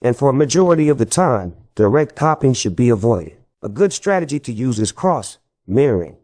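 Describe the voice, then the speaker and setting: A man reads a nonfiction audiobook aloud with an even, instructive delivery. His voice sits at a middle pitch with a warm, mellow color. The sound is dry, with no room echo. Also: fairly quick. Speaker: narrator. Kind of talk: scripted audiobook narration.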